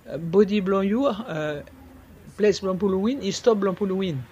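High-voiced man. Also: darkish tone, lo-fi sound, a little hiss or hum. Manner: halting, repeats words, slips into French. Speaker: interviewee. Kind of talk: conversational explaining.

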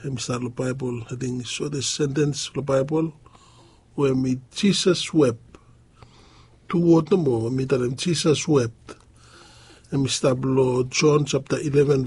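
A man preaching a sermon, pausing often as he talks. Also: mid-range voice, darkish tone, husky. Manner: halting, with frequent pauses and fillers.

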